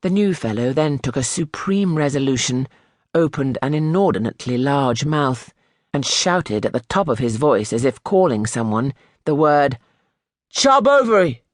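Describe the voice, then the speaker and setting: A man reads a classic novel aloud in a measured, expressive storytelling manner. His voice sits at a middle pitch for a man. The recording is dry and close, with no room echo. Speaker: audiobook narrator. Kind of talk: scripted literary narration.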